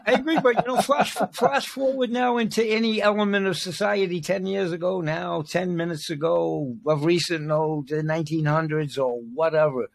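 An older man with a high voice hosts a casual podcast interview. He rambles through tangents, restarting sentences again and again as he chats with his guest. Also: fairly even intonation, moderate pace, gravelly, hardly any pauses. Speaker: podcast host.

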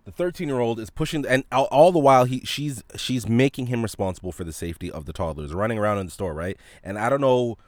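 A male podcast host telling a story as a profane, animated rant, coughing now and then from a dry throat. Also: medium pitch, fast, few pauses, no room sound. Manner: profane, animated, frequent restarts.

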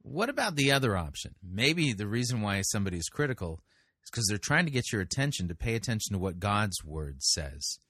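A man's voice: fairly low pitch, very animated, brisk, bright, forceful tone, no echo, studio quality. A man commenting on a sermon clip, sarcastic and pointed, firing rhetorical questions. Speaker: podcast critic, sermon reviewer.

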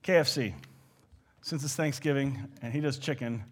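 A man's voice: mid-range voice, normal speed, background noise. A man preaching a sermon in a conversational way, acting out quoted everyday phrases as he goes. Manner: conversational, with animated quoted asides. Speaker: pastor.

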